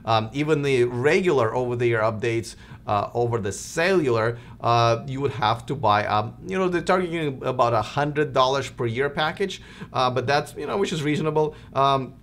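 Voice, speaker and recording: A man's voice: medium pitch, moderate pace, fairly bright tone. A man with a Russian accent hosting a live stream, chatting casually with many fillers and restarts. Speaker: host of a live stream show.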